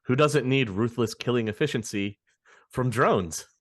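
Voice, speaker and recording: A man co-hosting a casual podcast, explaining game lore in an animated way. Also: medium pitch, a little slow, no room sound.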